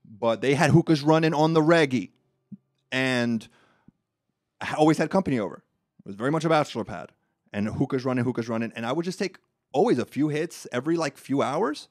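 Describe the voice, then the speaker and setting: A man's voice: mid-range voice, fairly quick, dry recording, studio quality. A young man hosting a casual comedy podcast, telling stories and laughing often. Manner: joking, animated storytelling, laughs often. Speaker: podcast host.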